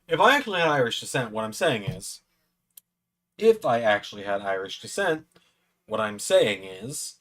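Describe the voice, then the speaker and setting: A man's voice: medium pitch, big pitch swings, normal speed, a bit bright. A tipsy man hosting a live watch-along stream, rambling and swearing a lot as he comments. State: tipsy from drinking. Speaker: stream host.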